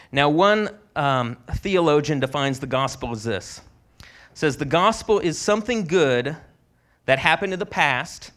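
Male preacher, slightly high voice, chatty storytelling sermon delivery. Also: a bit bright. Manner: conversational storytelling with restarts. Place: conference hall.

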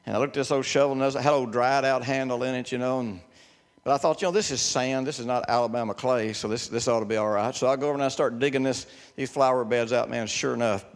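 A man's voice: mid-range voice, steady tone, fast talker. Older man preaching in a reverberant hall. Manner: folksy storytelling, repeats words for emphasis. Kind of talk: sermon with personal stories.

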